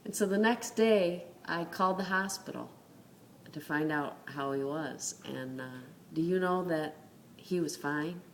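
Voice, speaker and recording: A woman's voice: low voice, a little slow, slight background noise. A woman telling a personal faith story in an earnest, conversational way, with many fillers. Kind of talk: casual spoken testimony.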